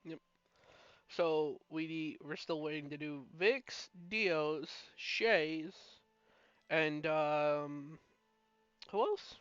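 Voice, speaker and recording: A man with a somewhat high voice gives halting, filler-filled updates to his players. The recording is dry and dull, like a cheap mic. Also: fairly bright tone, smooth, no echo, soft background music. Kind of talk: casual chat and announcements.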